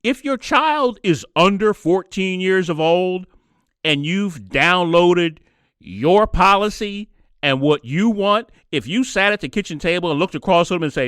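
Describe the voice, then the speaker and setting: Bright, animated male podcast host. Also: measured pace, clear, resonant tone, dry recording, studio quality. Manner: sarcastic, mocks others in shrill put-on voices. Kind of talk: opinionated monologue.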